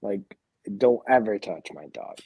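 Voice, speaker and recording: Slow husky drunk man. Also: lowish voice, animated, warm tone, no room sound, low-quality recording. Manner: profane, rambling storytelling. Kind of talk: casual livestream chat.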